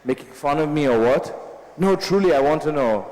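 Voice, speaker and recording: A man's voice: fairly high pitch, expressive, moderate pace, darkish tone, natural voice. A man reading a teasing young woman lover. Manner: read lightly, barely changed from his own voice. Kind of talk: novel reading aloud. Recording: echoey hall with long reverb.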